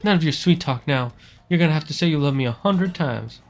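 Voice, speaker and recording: A man's voice: fairly high pitch, expressive, a little fast. A man voicing a clingy, melodramatic lovestruck woman with a Southern belle drawl, gushing and demanding. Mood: pleading.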